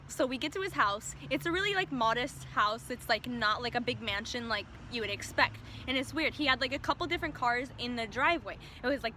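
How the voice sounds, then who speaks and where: A woman's voice: fairly high pitch, bright, forceful tone, slight background noise. A young woman telling a casual storytime, chatty and filling her speech with "like". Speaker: vlogger.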